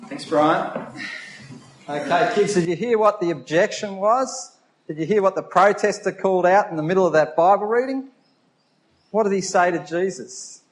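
High-voiced man talking to kids in church. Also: normal speed. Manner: lively, questioning the children directly. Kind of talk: children's talk in a church service.

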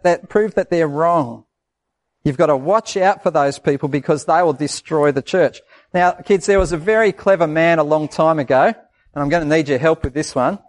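Male pastor, lively children's sermon, slightly higher voice. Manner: lively, asks the children questions and acts out voices.

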